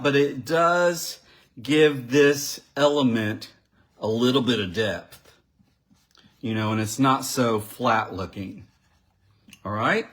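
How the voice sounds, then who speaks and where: A man at mid pitch talks his viewers through a live card-making demo at an unhurried, slow pace. He thinks aloud as he works, pausing and restarting, and chats to the people watching as if they were in the room. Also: fairly bright tone. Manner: chatty, thinks aloud while working; addresses live viewers directly. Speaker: crafting demonstrator.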